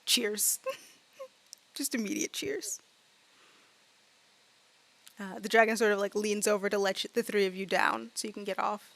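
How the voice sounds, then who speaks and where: A woman narrating as game master, chatting loosely with lots of fillers and acting out quick bits of her characters. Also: mid-range voice, flat delivery, a bit bright. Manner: chatty, many fillers, acts out side characters.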